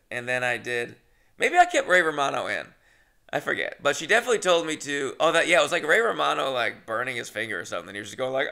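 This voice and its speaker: A man's voice: medium pitch, very animated, moderate pace, creaky, sharp tone, clean tone. A man in his thirties hosting a podcast, telling a rambling, self-deprecating story with frequent swearing and restarts. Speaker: podcast host. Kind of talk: casual storytelling.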